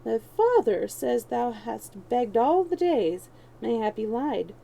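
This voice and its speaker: A woman's voice: a little high, sing-song, slow, creaky, dark tone, full character voice, rough recording. A woman voicing a proud boy king in rags, speaking stiffly and scornfully in archaic speech.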